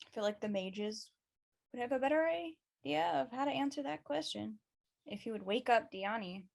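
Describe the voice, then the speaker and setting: A fearless young woman fighter in a tabletop role-play, as a woman plays her, offhand and defiant. Her voice is high. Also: lively intonation, normal speed, creaky. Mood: thoughtful.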